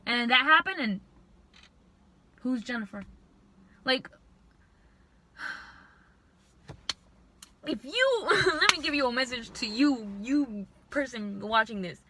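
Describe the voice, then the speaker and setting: A young woman vlogger telling a storytime to camera, venting in an animated, frustrated way. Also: a little high, slow pace, long pauses.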